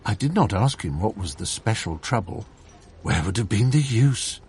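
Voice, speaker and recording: A man narrating an audiobook in an expressive, measured storytelling manner. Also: lowish voice, a little hiss or hum.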